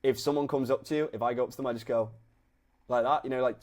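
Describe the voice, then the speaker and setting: A young man from Britain talks as a personal trainer, giving relaxed, casual coaching advice. He acts out both sides of chats with gym-goers, and his voice sits at a middle pitch. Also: fast. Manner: laid-back, acts out both sides of conversations. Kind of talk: casual coaching talk to camera.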